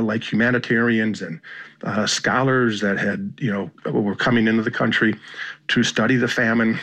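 A man's voice: lowish voice, a bit bright. An American man, a journalist guest, speaking reflectively in an interview with frequent restarts. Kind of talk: interview conversation.

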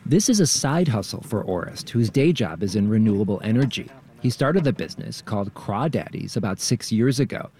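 A man, a radio reporter, narrating a scripted news feature in a calm, measured way. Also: on the low side.

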